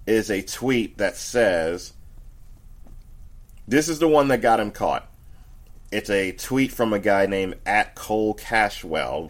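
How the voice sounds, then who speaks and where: A man hosting a sports talk show, rambling casually with frequent restarts and talking straight to his listeners. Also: lowish voice. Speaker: podcast host.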